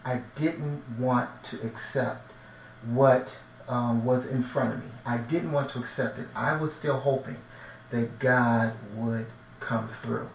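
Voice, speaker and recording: A man's voice: medium pitch, steady tone, takes it slowly. Earnest male minister in an echoey room. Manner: earnest, emotional, repeats himself while searching for words. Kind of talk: heartfelt personal testimony. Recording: echoey room, distant mic, faint noise.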